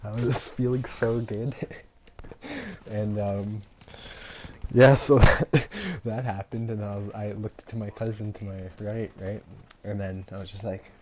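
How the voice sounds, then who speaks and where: A man's voice: fairly low pitch, flat delivery, measured pace, a little mellow. A young man telling a story in a casual, rambling way, full of fillers and laughs.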